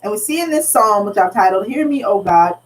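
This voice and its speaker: A woman's voice: medium pitch, animated, fairly quick. A woman pastor teaching a Bible study in an earnest, conversational way, retelling scripture in everyday speech. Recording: slightly distant mic, faint background noise.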